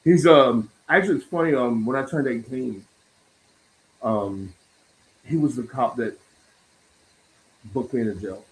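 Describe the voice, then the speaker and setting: A man's voice: mid-range voice, a little slow, pauses often, poor audio. A man hosting a casual talk stream, swearing often and laughing as he tells stories. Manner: profane, laughs often, animated storytelling. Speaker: podcast host. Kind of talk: casual chat.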